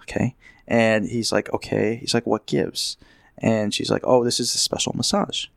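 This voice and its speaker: A man's voice: fairly low pitch, fairly even intonation, normal speed, vocal fry, no room sound. Man with a dry voice, rambling anecdote. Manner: rambling storyteller, acts out quotes. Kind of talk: casual anecdote. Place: Las Vegas.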